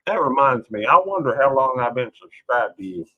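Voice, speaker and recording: A man's voice: mid-range voice, lively intonation, brisk, highs cut off. A man hosting a casual late-night livestream, rambling in a folksy way and greeting viewers by name. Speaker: livestream host.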